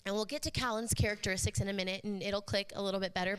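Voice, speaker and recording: A woman's voice: medium pitch, very fast, clear, resonant tone. Joking woman pastor in a reverberant church. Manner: chatty, joking, animated storytelling. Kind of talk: sermon with personal stories. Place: church sanctuary. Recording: live church hall reverb.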